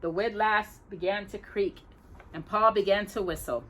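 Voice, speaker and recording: A woman hosting a storytime, reading a children's novel aloud in a gentle, expressive way. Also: medium pitch, slight background noise. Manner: gentle and expressive, pausing for coughs. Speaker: storytime host.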